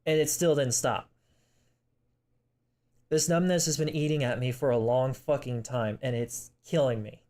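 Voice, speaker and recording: Young man, personal vlog; halting, apologetic delivery with restarts, emotional to the point of tears. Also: mid-range voice, fairly even intonation, darkish tone. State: emotional, tearing up. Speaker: vlogger.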